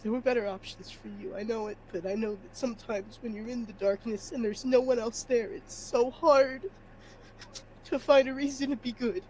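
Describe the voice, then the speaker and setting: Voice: mid-range voice, fairly even intonation, normal speed, a little mellow, a little hiss or hum, natural voice. A player voicing a grieving male furry creature hero, crying and pleading in a broken voice.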